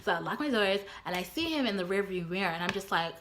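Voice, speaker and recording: A woman's voice: animated, fast talker, fairly bright tone, a little hiss or hum. Chatty young woman vlogger. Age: young adult. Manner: chatty, filler-heavy, often laughing; voice leaps high when quoting her own exasperation. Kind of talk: storytime retelling.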